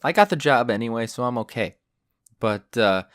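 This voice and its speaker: A man's voice: mid-range voice, lively intonation, moderate pace, no room sound, studio quality. A young adult man hosting a solo podcast, telling stories in a profane, ranting way. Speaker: podcast host.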